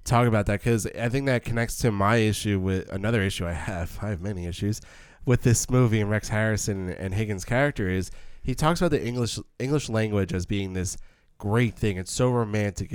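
A man co-hosting a casual film podcast, opinionated and halting, repeating words as he goes. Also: on the low side, smooth, no echo, clean studio sound. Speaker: podcast co-host.

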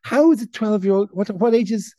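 Irish guy on a podcast, kinda high voice, wry jokey rambling. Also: a little fast, dark tone, no echo. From Ireland. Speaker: comedian guest. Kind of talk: casual comedic chat.

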